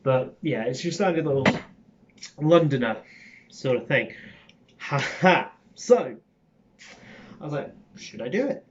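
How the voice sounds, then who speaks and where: A young man with a Cockney accent, an acting student, rambles casually to his channel, full of ums and swearing. His medium-pitched voice is expressive and slow with frequent pauses, and the recording is dull and lo-fi with a noisy background.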